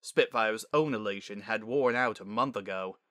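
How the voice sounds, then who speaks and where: A male narrator reading a story aloud with a bright, forward tone and measured, expressive delivery. The sound is close and dry, with no room around it. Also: fairly low pitch, no echo. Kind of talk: dramatic audiobook reading.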